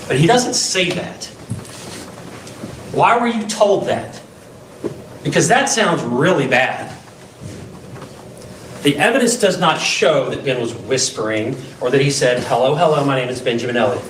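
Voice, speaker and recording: A male defense attorney with a medium-pitched, fairly bright voice delivers an opening statement to a jury, speaking emphatically and piling on rhetorical questions. He's in a courtroom, recorded from a distant mic with lots of echo and a faint hiss.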